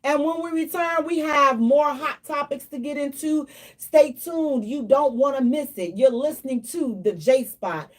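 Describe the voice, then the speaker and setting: A woman hosting a radio talk show in a lively, playful storytelling manner. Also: high voice, measured pace. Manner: animated, playful, slips into mock prayer and acted quotes.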